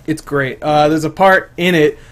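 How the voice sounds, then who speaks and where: A man's voice: fairly high pitch, steady tone, normal speed. A young man hosting a casual gaming podcast, talking loosely with lots of swearing and laughter, often trailing off. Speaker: podcast host.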